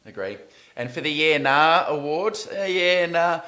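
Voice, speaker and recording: Australian male co-host, bright forceful voice, excitable and sweary. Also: on the high side, unhurried. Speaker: podcast co-host. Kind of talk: casual sports podcast chat.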